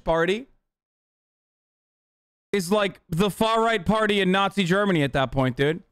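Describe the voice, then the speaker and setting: A man streaming a casual reaction, talking in a profane, sarcastic, rapid-fire way into a close desk mic. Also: high voice, fairly bright tone, clear, resonant tone, no echo.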